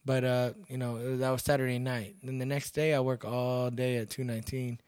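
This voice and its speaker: A man from Texas tells his stories in a loose, casual way and gets louder when he acts out what people said. His voice sits at a middle pitch. It is recorded close and dry, with no room sound. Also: fairly quick, clean tone, no echo. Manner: animated, acts out quoted lines loudly. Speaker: bouncer and MMA fighter, podcast guest. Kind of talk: casual storytelling.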